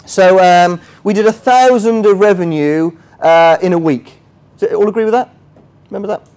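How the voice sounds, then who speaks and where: A man with a high, smooth, slightly mellow voice teaches a friendly finance workshop at a moderate pace to a live audience. He's conversational, keeps quizzing the room for agreement, and adds self-mocking asides.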